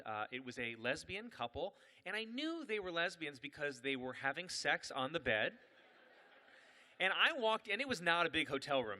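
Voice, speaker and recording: Animated, bright-voiced male comedian. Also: a little high, big-room sound. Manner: animated, self-mocking, laughing. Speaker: comedian and event host. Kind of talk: live stand-up storytelling.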